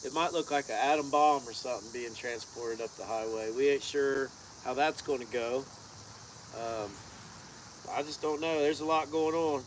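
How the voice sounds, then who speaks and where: On a car-build channel's casual live chat, a co-host with a medium-pitched voice speaks at normal speed, drawling and rambling in a folksy way, with faint outdoor insect sounds behind him.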